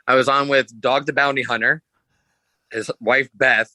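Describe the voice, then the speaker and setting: A man, a sideshow performer guesting on a podcast, telling stories in a loose, rambling way and jumping his pitch to act out quotes. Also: fairly even intonation, normal speed, sharp tone, no echo, rough recording. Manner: rambling, restarts, acts out quotes with pitch jumps; loose, swears casually. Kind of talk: casual storytelling.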